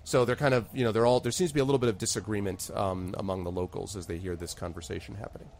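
A man's voice: fairly low pitch, fairly even intonation, very fast, darkish tone, slight background noise. A man narrating a tabletop game as game master, with frequent hesitations and fillers.

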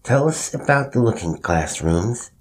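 A lisping, timid little boy, as a male narrator puts him on. The voice climbs high and lisps through its words. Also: expressive, a little slow, slight background noise, lightly acted. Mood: pleading. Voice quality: lisp. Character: small chubby boy, timid.

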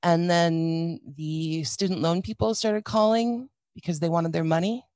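A middle-aged woman telling a painful personal story in a candid, halting way, with many restarts and dry, wry asides. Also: lowish voice, fairly even intonation, a little mellow, no echo. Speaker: guest sharing a personal story.

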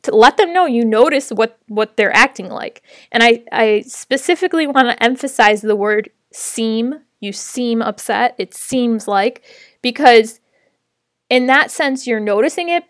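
A woman's voice: a little high, no room sound, studio quality. A woman sharing practical tips on teaching online, in a friendly, conversational way with light laughs. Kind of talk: casual teaching tips to camera.

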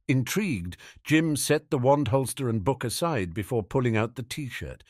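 Guy narrating a fantasy audiobook, lively tone, dry close sound. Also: medium pitch, moderate pace, few pauses, dry recording. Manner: expressive storytelling. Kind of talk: audiobook narration of fan fiction.

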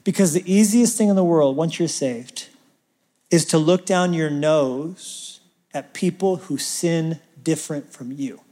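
A man preaching a sermon as pastor, talking like a conversation and swinging from loud emphasis to near-whispers. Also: on the high side, measured pace, in a large hall.

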